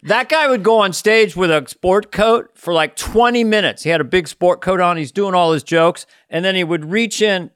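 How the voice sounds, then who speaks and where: Older man, podcast co-host, rambling anecdotes, fairly high voice, dry close sound. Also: normal speed, few pauses, a bit bright, clean tone, dry recording. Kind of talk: casual chat.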